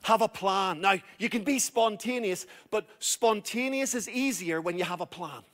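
A man's voice: high voice, moderate pace, a bit bright. A middle-aged male pastor preaching a sermon, urging his listeners and repeating key phrases.

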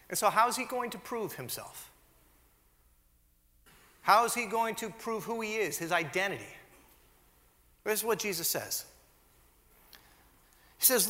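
A man preaching in a church, his voice high and bright and swinging widely in pitch as he acts out every quote. His words ring out under a long hall reverb. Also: moderate pace, pauses often. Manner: animated storytelling, acts out quotes. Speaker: pastor. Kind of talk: sermon.

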